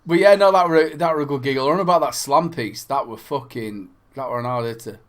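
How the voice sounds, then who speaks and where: A man's voice: mid-range voice, fast. A man with a Yorkshire accent co-hosting a casual chat, telling stories with lots of swearing and laughter. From Yorkshire, England. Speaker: podcast co-host.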